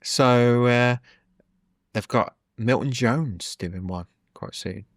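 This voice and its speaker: A middle-aged man, co-hosting a podcast and telling an animated story with a laugh in his voice. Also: mid-range voice, slow pace, dry recording, clean studio sound. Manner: chatty, animated, laughs while telling stories. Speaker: podcast co-host. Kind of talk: casual chat, storytelling.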